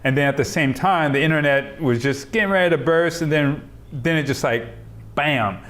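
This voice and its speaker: A middle-aged man recounts a business story in an oral history interview, fairly high-pitched for a man. He acts out each side of the conversation and breaks into laughter along the way. He is recorded over a video call. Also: normal speed. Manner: animated storyteller, acts out quoted dialogue, laughs often. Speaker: interviewee, software entrepreneur.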